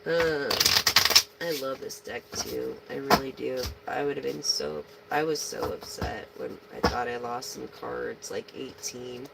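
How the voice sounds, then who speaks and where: A woman reads tarot in a relaxed live stream. Her voice has a gravelly, creaky edge, and she talks slowly. She swears freely and keeps addressing the collective over a noisy, hissing recording. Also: extremely low pitch. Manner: slangy and profane, addresses the viewers as a collective. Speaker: tarot reader. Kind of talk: casual live tarot reading.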